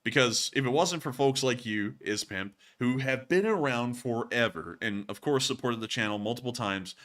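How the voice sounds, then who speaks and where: A man hosts a livestream in a bright, forward voice. He rambles casually, padding his thoughts with fillers as he answers questions and thanks his viewers. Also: mid-range voice, moderate pace. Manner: rambling, chatty, frequent "uh" and "let's see here". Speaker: war news show host.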